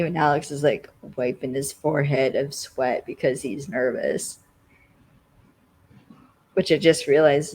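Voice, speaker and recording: A podcast co-host casually recapping a TV episode, rambling and filling every pause with "like.". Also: mid-range voice, darkish tone, slightly rough, rough recording. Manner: rambling, constantly says "like".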